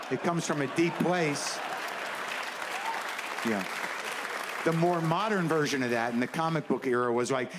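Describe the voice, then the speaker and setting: A man's voice: medium pitch, expressive, normal speed, pauses often, a crowd in the background, noisy background. A man doing a stand-up comedy set on stage, riffing in a rambling, conversational and profane way. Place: stage before a live audience. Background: faint audience laughter.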